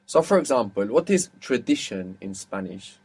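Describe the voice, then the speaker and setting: A man teaching an audio language lesson, patiently asking questions and repeating words slowly. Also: medium pitch, sing-song, a little mellow, slightly rough.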